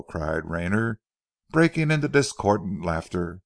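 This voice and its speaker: A man narrates a novel in a low, gravelly voice. His reading is measured, with a lively rise and fall, and it is recorded close and dry with no room sound. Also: no echo. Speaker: audiobook narrator.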